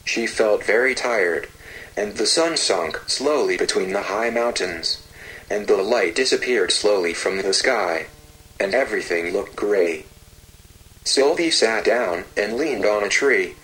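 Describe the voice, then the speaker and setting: A man narrating a fairy tale slowly and gently, with repetitive storytelling phrasing. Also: lowish voice, animated, poor audio.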